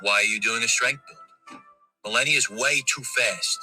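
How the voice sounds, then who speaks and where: A man doing an impression of a young New mobster calmly coaching his boss through a video game. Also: mid-range voice, measured pace, low-quality recording. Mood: advising. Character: young male mobster, patient gamer advisor. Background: melodramatic TV music underneath.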